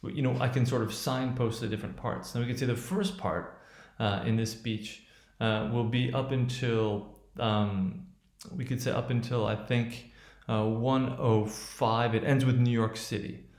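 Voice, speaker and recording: Halting male lecturer in an echoey room. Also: medium pitch, steady tone, darkish tone. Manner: halting, with many restarts and fillers; checks in with "right?". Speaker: teacher. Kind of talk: lecture analyzing a speech.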